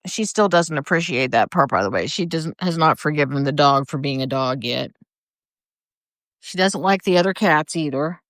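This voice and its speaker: A woman's voice: low voice, animated, normal speed, fairly bright tone, no echo, studio quality. An older woman rambling casually on a live video from her front porch, greeting viewers by name. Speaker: livestreamer. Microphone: phone or camera for a live video.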